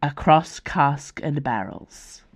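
Woman slowly narrating her own novel. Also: low-pitched, expressive. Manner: measured, deliberate reading. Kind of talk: scripted audiobook narration.

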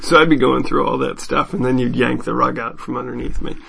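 A man co-hosting a podcast in casual chat, rambling and swearing freely, with a gravelly husky voice. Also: mid-range voice, steady tone, a little fast, bright, forceful tone. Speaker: podcast co-host.

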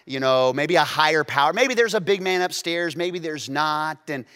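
A man preaching a sermon who swings between hushed, intimate moments and loud, emphatic stretches, acting out quotes with playful asides. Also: a little high, normal speed, smooth. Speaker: pastor.

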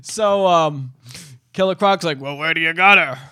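Bright-voiced, jokey man. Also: on the high side, normal speed, clean tone, no room sound, clean studio sound. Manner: jokey, laughs along. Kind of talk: casual chat.

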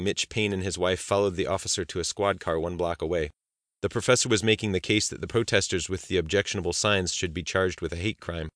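Deep-voiced man narrating a thriller. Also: fairly bright tone, no echo, clean studio sound. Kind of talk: scripted audiobook narration.

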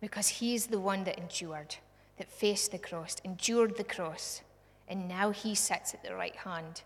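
A woman with a Scottish accent preaching a sermon, fervent, swinging from hushed to loud. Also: mid-range voice, unhurried. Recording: long hall reverb.

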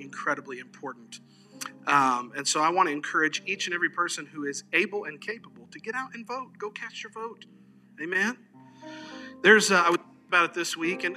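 Male pastor: bright, lively storyteller preaching to his church, peppers talk with amens. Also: a little high. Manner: conversational, animated storyteller, frequent "amen". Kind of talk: sermon. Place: church service.

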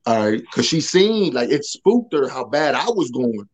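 A man who talks loud by nature, a podcast guest telling a personal testimony in casual slang and acting out the dialogue. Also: medium pitch, normal speed, low-quality recording. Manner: loud, animated, acts out quoted dialogue.

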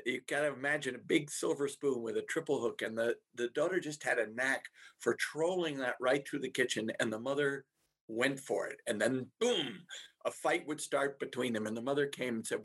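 A husky-voiced man gives a talk to parents as a family therapist. He speaks at a middling pitch and stops and restarts often. He fills the pauses with "uh" and tells stories from his practice. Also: a bit bright. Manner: halting, many filler restarts, tells anecdotes.

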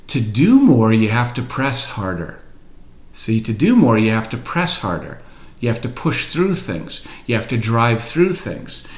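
A man's voice: mid-range voice, reverberant. A man coaching business owners in a motivational talk, blunt and emphatic, repeating his key points.

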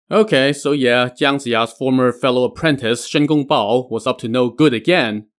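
A man's voice: medium pitch, moderate pace, few pauses. A man hosting a podcast, retelling a legend with casual asides. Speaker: podcast host. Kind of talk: storytelling narration.

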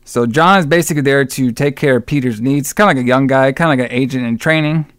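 A man's voice: mid-range voice, quick pace, smooth, no room sound, clean studio sound. A man co-hosting a podcast, rambling through a film plot with lots of swearing and mock voices for the characters. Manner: profane, rambling retelling with mocking quoted voices. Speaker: podcast co-host. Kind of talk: casual film review chat.

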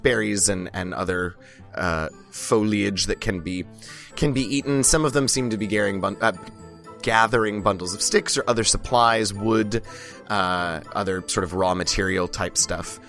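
A hoarse man with a cold runs a tabletop game as dungeon master, his voice sitting low. He rambles through scene descriptions with plenty of fillers and restarts. Faint music plays behind him. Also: pushed and bright. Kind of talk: hosting and narrating a tabletop game.

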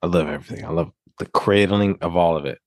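A man hosting a casual chat, reacting loudly, swearing and cutting in. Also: deep voice, fast talker, no room sound.

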